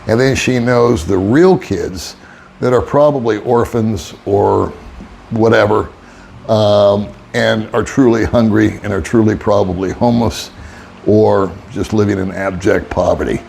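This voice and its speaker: A man's voice: lowish voice, steady tone, unhurried, gravelly, a little mellow, a little hiss or hum. An older man, an expat vlogger, telling a rambling, wry story in casual monologue and chuckling often. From United States.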